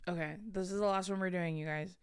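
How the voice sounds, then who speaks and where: A young woman from Southern California co-hosting a podcast in casual chat, telling stories quickly and bluntly with plenty of swearing. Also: fairly low pitch, fairly even intonation, smooth. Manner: quick storytelling, blunt and profane. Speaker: podcast co-host.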